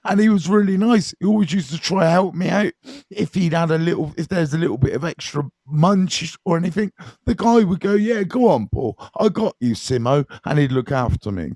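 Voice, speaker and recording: Man, casual storyteller, swears a lot, higher-pitched, dry recording. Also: brisk, no room sound. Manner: animated, swears freely, keeps checking in with "right?" and "you know what I mean". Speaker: recovery mentor and live streamer. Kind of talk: casual storytelling on a live stream.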